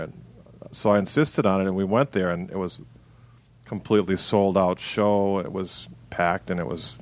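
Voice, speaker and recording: A man's voice: deep voice, moderate pace. A middle-aged man from Milwaukee, a band member guest telling understated stories in casual chat. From Milwaukee, Wisconsin.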